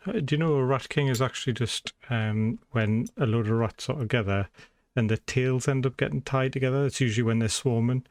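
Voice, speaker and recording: A man's voice: mid-range voice, a little fast, no room sound. A man from England, chatting in a laid-back way as streamer and co-commentator. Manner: chatty, laid-back, muttering while typing. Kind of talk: casual live stream chat.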